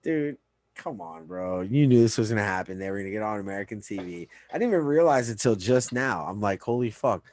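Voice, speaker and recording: A man's voice: lowish voice, lively intonation, brisk, a little mellow. A man co-hosting a podcast, reviewing wrestling in a loose, profane casual chat and often trailing off mid-sentence. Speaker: podcast co-host.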